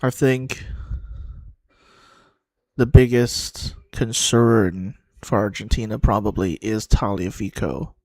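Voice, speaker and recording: A man with a fairly low voice talks loosely over a match he is watching, pausing with ums as he thinks aloud. The sound is dry and close, with no room around it. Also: a little mellow, no echo. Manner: chatty, thinking aloud with fillers. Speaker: watchalong host. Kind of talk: casual live commentary.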